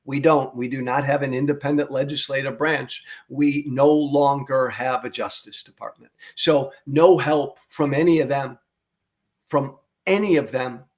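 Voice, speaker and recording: A man's voice: mid-range voice, fairly even intonation, measured pace. A man hosting a political podcast, delivering a fervent, blunt monologue full of profanity and repeated phrases for emphasis.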